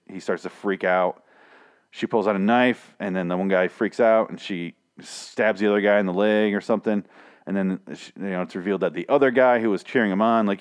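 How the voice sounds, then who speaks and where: Guy with a lowish voice ranting through a tv recap, sarcastic, swears a lot, keeps restarting sentences. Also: clean tone. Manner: profane, sarcastic, rambling with frequent restarts. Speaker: TV episode recapper. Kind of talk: casual spoken recap and review.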